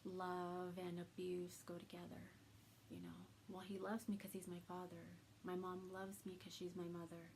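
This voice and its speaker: Woman, vlogger, personal story to camera, halting soft delivery, gravelly fry, flat pitch. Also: a little hiss or hum, rough recording.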